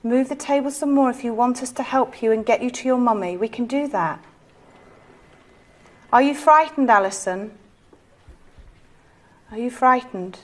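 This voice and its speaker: A woman leading a ghost-hunt séance, asking soft, coaxing, pleading questions. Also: on the high side, moderate pace, pauses often. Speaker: séance leader.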